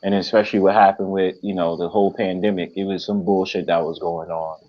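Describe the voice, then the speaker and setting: A man's voice: low-pitched, flat delivery, brisk. A man with a New York accent chatting casually on a livestream, acting out quoted voices as he tells stories. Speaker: livestream host. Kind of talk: casual chat. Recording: dull lo-fi stream audio.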